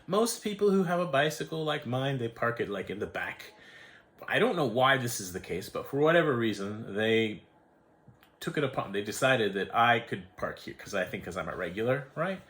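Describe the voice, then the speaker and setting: A man's voice: medium pitch, big pitch swings, normal speed, fairly bright tone. Rambling American man in his forties. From United States. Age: 40s. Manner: rambling, self-interrupting, acts out quoted voices. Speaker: vlogger. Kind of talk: casual storytelling monologue.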